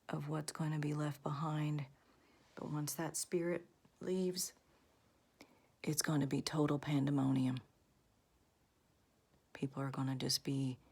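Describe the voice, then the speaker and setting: A woman's voice: sits low, gravelly, slightly rough. A woman vlogger in her thirties or forties, earnestly delivering a religious warning, often half-whispering.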